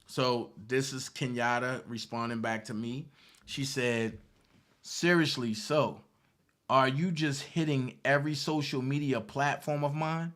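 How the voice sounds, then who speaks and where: A man's voice: medium pitch, steady tone, measured pace, fairly bright tone. Indignant man reading out text messages. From Baltimore, Maryland. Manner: indignant, mocking, emphatic repetition. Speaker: online commentator.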